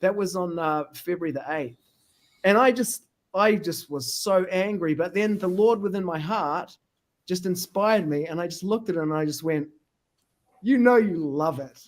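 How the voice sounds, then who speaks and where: A man's voice: sits high, normal speed. A man hosting a podcast interview, telling stories animatedly and acting out the people he quotes. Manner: animated storyteller who acts out quoted people. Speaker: podcast host. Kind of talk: casual interview chat.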